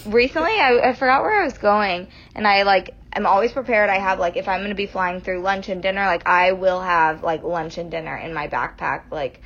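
A woman's voice: medium pitch, a little fast, hardly any pauses, a bit bright. A young woman chatting casually and expressively, laughing easily. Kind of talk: casual chat. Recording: dull lo-fi sound.

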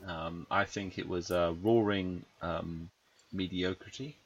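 Dry-humored man, lowish voice. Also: fairly even intonation, takes it slowly, muffled recording, a little hiss or hum. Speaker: podcast co-host. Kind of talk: casual chat.

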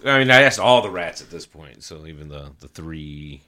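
A man's voice: low voice, animated, moderate pace, sharp tone. A man playing a tabletop role-playing game, talking casually and rambling with lots of fillers. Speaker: player. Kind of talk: tabletop role-play chat.

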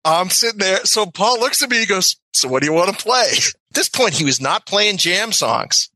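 An excitable man from the United States tells his story with a bright, forceful edge. His voice sits a little high for a man. The room around him sounds dry and close. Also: normal speed, dry recording, rough recording. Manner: excitable, acts out voices, laughs mid-story. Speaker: guest. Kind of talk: animated storytelling.

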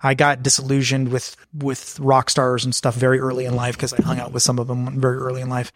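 A man's voice: medium pitch, monotone, a little fast, no room sound, clean studio sound. A man talking as a podcast guest, frank and anecdotal, acting out the exchanges he describes. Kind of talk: candid conversational storytelling.

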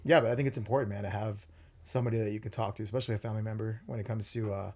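A man's voice: fairly low pitch, fairly even intonation, rapid-fire, darkish tone, husky. A young man hosting a podcast, talking earnestly with many fillers and restarts. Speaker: podcast host. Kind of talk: casual chat.

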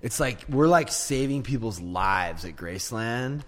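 A man co-hosting a podcast in casual chat, with a gruff voice that sounds aggressive, blunt and swearing often. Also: mid-range voice, animated, measured pace. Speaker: podcast co-host.

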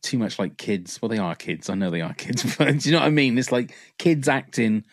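A man's voice: medium pitch, animated, fairly quick, no echo, clean studio sound. A man co-hosting a film podcast, rambling and enthusiastic as he chats, swearing casually. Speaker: podcast co-host. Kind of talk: casual chat.

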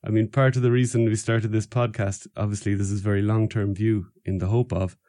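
A man from Ireland hosts a relaxed podcast chat. His voice sits fairly low, and he talks in an easygoing way, often breaking into laughter. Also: a little fast, no echo, clean studio sound. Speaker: podcast host.

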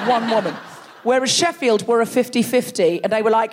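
A woman's voice: fairly high pitch, expressive, normal speed. A woman hosting a comedy podcast on a theatre stage, bantering playfully with the crowd and laughing often. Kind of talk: live stand-up audience banter. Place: large theatre before a live audience.

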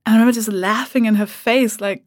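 A woman talking as a guest on a podcast, animated and swearing freely as she acts out remarks people made. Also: on the high side, fast talker, dry recording, studio quality. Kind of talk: casual podcast conversation.

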